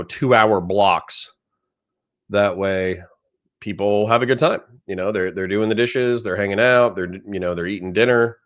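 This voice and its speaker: A man hosting a casual livestream, chatting in a rambling, self-deprecating way while still sleepy and yawning. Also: fairly low pitch. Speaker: livestream host.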